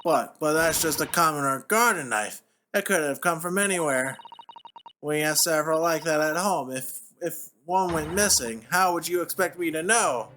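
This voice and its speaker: A woman's voice: low voice, animated, moderate pace, a bit bright, a little hiss or hum. Man putting on a fussy housewife. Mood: defensive. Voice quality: fussy, indignant, fretful. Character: flustered middle-aged English housewife juror, defensive. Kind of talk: game dialogue read aloud.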